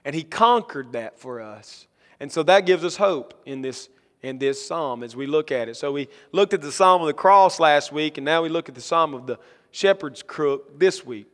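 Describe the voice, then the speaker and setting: A male pastor preaching a sermon, reading scripture slowly and building to emphatic, rising lines. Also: fairly high pitch, animated, big-room sound. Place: church sanctuary.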